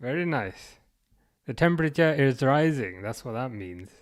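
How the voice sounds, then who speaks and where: A man with a Birmingham accent chats casually on a football livestream, reading comments aloud. His delivery is halting and full of restarts. His voice sits at an ordinary middle pitch. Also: animated. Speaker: livestream host reading chat.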